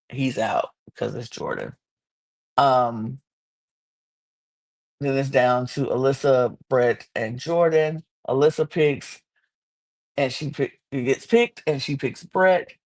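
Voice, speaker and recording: A woman in a casual podcast chat, talking fast and loose with a gravelly edge to her voice. She tells it like gossip to a friend and slips into high, squeaky voices to act out other people. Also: darkish tone. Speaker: podcast host recapping a reality show.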